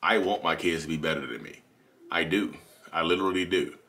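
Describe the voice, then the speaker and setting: Fast-talking deep-voiced man. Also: bright, forceful tone. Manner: candid, rambling, self-correcting. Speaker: channel host. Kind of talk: confessional monologue.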